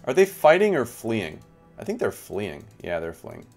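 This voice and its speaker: Animated man streaming a game. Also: on the low side, normal speed, creaky, faint music behind. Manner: chatty, animated, talks to chat. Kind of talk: live game commentary.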